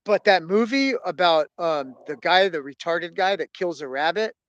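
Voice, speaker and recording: A man's voice: sits high, animated, moderate pace, fairly bright tone, dry recording, muffled recording. Rambling, profane man telling a story. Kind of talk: casual monologue.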